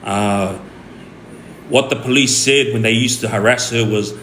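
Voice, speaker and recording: A young Australian man telling a story on his stream in a rambling, animated way, full of fillers and restarts. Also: medium pitch, a little slow. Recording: echoey room with faint ambient noise.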